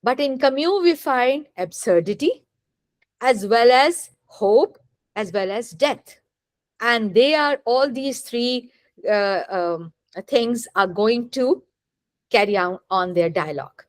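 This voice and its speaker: A woman's voice: on the high side, animated, no room sound. A woman teacher, giving a classroom lecture and often asking the students whether they follow. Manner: deliberate, asks rhetorical questions to check understanding. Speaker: literature teacher.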